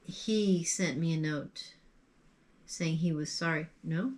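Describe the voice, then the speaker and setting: A woman's voice: sits low, slow pace, a little mellow. A woman playing a tabletop game, thinking aloud in a tentative, casual way. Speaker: player. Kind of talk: casual chat.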